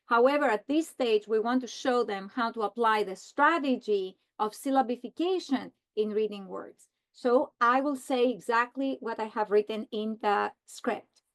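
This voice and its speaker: A woman explaining how to teach a reading lesson, slowly modeling the script she would read to students. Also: fairly high pitch. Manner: slow, deliberate modeling of a script. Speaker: teacher trainer. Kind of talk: instructional walkthrough.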